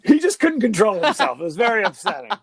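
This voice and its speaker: A man's voice: high-pitched, very animated, quick pace, husky. A man co-hosting a podcast, chatting casually with a jokey manner. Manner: jokey, reads a quote aloud. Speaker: podcast co-host. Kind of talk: casual chat.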